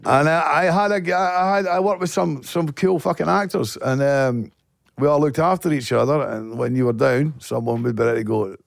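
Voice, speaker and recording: Gravelly, blunt Glasgow man. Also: on the high side, moderate pace, dry recording, studio quality. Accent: Scottish, Glasgow. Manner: swears a lot, blunt storytelling. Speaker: guest actor. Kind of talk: casual podcast chat.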